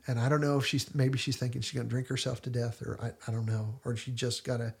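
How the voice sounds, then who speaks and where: A man's voice: mid-range voice, level tone, quick pace, vocal fry. A man hosting a casual discussion podcast, retelling scenes in detailed storytelling fashion. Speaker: podcast host.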